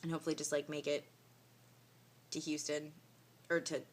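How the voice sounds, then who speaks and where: A young woman vlogging casually from a hotel room, telling a story in a tired, emotional but animated way, full of fillers like "like" and "you know". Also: sits low, moderate pace. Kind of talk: casual vlog to camera.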